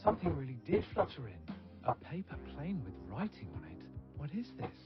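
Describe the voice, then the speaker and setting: A man's voice: fairly high pitch, huge pitch swings, brisk. An actor voicing a gloomy, self-loathing young man who talks sarcastically, often muttering to himself. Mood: sarcastic. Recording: dull lo-fi game audio over music.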